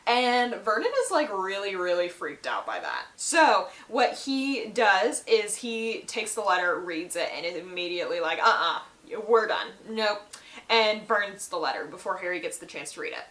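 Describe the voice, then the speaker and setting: A woman's voice: mid-range voice, very animated, normal speed, hardly any pauses, a bit bright. Chatty woman recapping books, echoey room. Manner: chatty, heavy use of "like". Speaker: book reviewer. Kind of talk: casual book recap. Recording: roomy echo.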